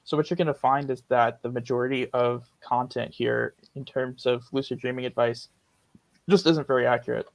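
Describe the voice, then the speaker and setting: A man's voice: medium pitch, fairly even intonation, normal speed, gravelly, dry recording, poor audio. A man hosting a casual live-stream Q&A, joking and often stumbling and repeating words as he talks. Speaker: host of lucid dreaming Q&A stream.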